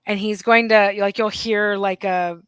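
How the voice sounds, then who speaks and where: A woman narrating a tabletop game as game master, describing scenes slowly with many fillers. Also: mid-range voice, steady tone, fairly bright tone, clean tone, no room sound. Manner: slow, descriptive, filler-laden.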